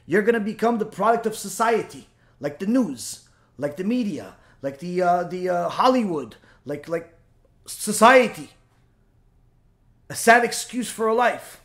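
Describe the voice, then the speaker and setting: A man teaches a religious lesson in a high, lively voice that leaps up and down. He acts out little back-and-forth exchanges and fires rhetorical questions at his listeners. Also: measured pace. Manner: animated, rhetorical questions and mock dialogue. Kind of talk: spoken Torah lesson.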